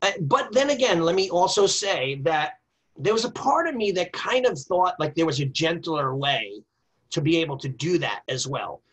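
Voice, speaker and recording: A middle-aged man, a martial arts instructor and guest, telling stories from his training in an emphatic, animated way. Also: a little high, moderate pace, breathy edge, rough recording. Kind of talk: storytelling conversation.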